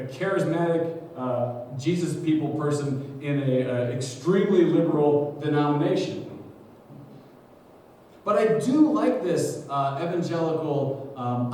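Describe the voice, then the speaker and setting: A man's voice: on the high side, darkish tone, slight background noise. A pastor giving a conversational sermon, thinking aloud with restarts as he explains scripture. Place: church sanctuary. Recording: echoey livestream from far off.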